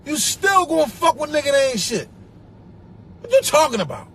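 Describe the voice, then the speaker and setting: Philly man, high lively voice, profane livestream rant, phone mic with faint noise. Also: fairly quick. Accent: Philadelphia. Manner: animated, profane, mocking others in a put-on voice. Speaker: social media personality.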